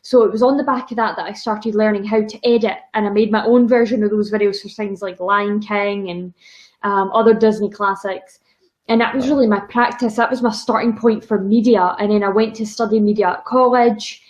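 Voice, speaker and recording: A Scottish woman in her twenties, a vlogger chatting as an interview guest and telling stories in an animated way. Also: mid-range voice, brisk, rough recording. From Scotland. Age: 20s. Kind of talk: casual interview chat.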